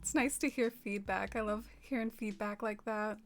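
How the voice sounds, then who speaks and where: A soft-spoken woman streaming and chatting casually with her viewers. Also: medium pitch, steady tone, normal speed, faint music behind. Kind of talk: casual livestream chat.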